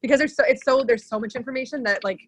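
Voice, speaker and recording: A woman's voice: sits high, very fast. A woman guest in a casual chat, gushing and enthusiastic.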